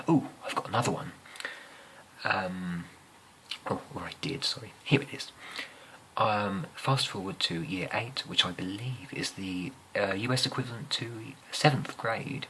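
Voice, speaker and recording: A young man with an English accent telling rambling, amused school stories in a soft-spoken ASMR style, often slipping into whispers and hesitating with fillers. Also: lowish voice, unhurried, background noise. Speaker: ASMR storyteller.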